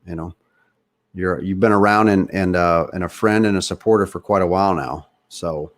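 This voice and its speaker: Earnest low-voiced man with Southern trace. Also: moderate pace. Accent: slight Southern US. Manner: earnest, opinionated, talks straight to listeners. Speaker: podcast host. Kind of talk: casual political talk.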